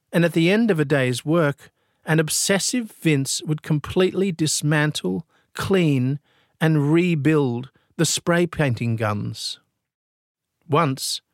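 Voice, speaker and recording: A man narrates a true-crime story, grave and deliberate. He speaks slowly, with a slightly raised pitch and a dry, close sound. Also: no echo.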